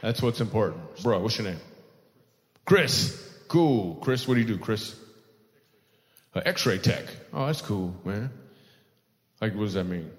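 A man's voice: fairly low pitch, animated, measured pace, long pauses. A male stand-up comedian doing teasing crowd work on stage, laughing often at his own jokes. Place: live comedy venue. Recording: long hall reverb.

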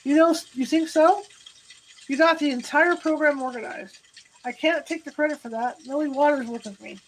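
A patient but guarded young woman in an audiobook, answering in short, evasive bursts, as a woman narrator reads her. The voice is high-pitched. Faint noise lies under it. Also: normal speed, natural voice, low-quality recording.

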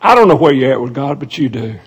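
A man preaching an earnest altar call and then praying in a soft, slow, pleading voice. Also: medium pitch, big pitch swings, slightly rough. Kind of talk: sermon altar call and prayer.

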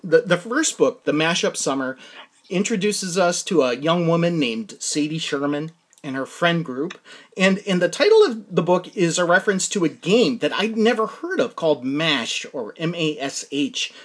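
A male podcast host with a somewhat high voice talks in a loose, conversational way. He stops and restarts his sentences often and leans on fillers. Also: animated. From New England. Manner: halting, with frequent restarts and fillers. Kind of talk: casual interview.

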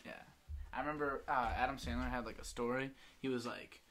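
A man's voice: medium pitch, steady tone, brisk, a bit bright, a little hiss or hum. A man hosting a casual podcast chat, rambling through stories and mimicking friends' voices. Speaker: podcast host.

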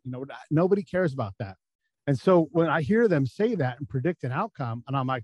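A man's voice: fairly high pitch, lively intonation, fairly quick, darkish tone, no room sound, lo-fi sound. Profane storytelling man, dry close mic. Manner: candid, profane, acts out quotes in voices. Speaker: guest, former military intelligence officer. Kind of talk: casual storytelling interview.

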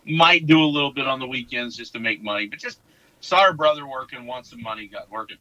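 A man's voice: mid-range voice, quick pace, no room sound, highs cut off. A man chatting casually, telling stories and acting out what people said to him. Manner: storytelling, animated quotes. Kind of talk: casual podcast chat.

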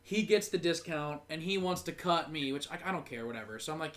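A man with a voice pitched a little above usual tells a story on his sports podcast. He rambles in a chatty way and leans on filler words. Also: lively intonation, brisk, few pauses. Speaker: podcast co-host. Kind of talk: casual sports chat.

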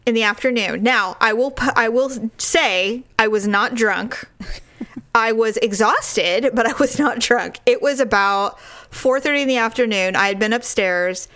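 A woman in her forties telling a funny story in casual chat, laughing often and acting out what people said. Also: measured pace. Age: 40s. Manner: animated, laughs often, acts out quoted lines in a high voice.

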